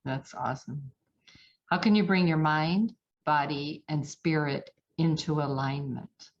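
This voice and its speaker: A woman's voice: sits low, measured pace, lo-fi sound. A woman hosting an interview podcast, friendly and affirming as she asks her questions. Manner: friendly, affirming, brief back-channel replies. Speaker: podcast host.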